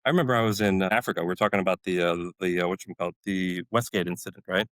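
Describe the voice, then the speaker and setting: A man's voice: low-pitched, very fast, no room sound, rough recording. A middle-aged man, a former special forces medic, telling a story in a podcast interview and acting out what people said. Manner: animated storyteller, acts out quoted dialogue.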